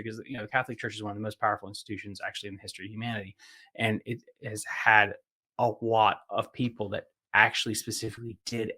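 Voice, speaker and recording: A man's voice: on the low side, fairly bright tone. Rambling man hosting a casual podcast. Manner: rambling, heavy use of "like" fillers, swears casually. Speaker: podcast host. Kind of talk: casual chat.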